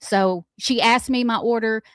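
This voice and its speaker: A woman co-hosting a radio morning show, telling everyday stories in a chatty, animated, self-deprecating way. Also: a little high, a little slow, clear, resonant tone, no echo, studio quality. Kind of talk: casual storytelling chat.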